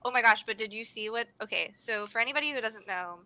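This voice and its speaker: A young woman from the United States co-hosting a livestream, chatting in a bubbly, fast way with plenty of laughter. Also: fairly high pitch, bright, forceful tone, slight background noise. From United States (grew up in Sacramento). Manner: bubbly, fast, laughing, says "oh my gosh" often. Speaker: livestream co-host. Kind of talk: casual chat.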